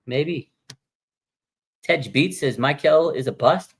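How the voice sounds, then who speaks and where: A man in his thirties hosting a live fan stream, chatting casually in animated, slangy, rambling banter. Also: fairly high pitch, unhurried, long pauses, husky. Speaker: fan show livestream host.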